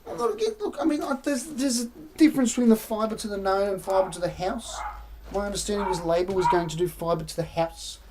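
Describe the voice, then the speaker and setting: A woman's voice: mid-range voice, animated, a little fast, noisy background. An Australian woman hosting a live stream, rambling through opinions and answering her chat in casual commentary. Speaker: livestream host.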